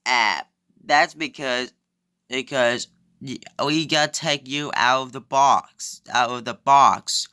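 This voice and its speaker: A man's voice: mid-range voice, takes it slowly, bright, forceful tone, clear, resonant tone. A man voicing a scheming male villain fish in a homemade toy play, gloating over his threats and often stumbling and repeating his words.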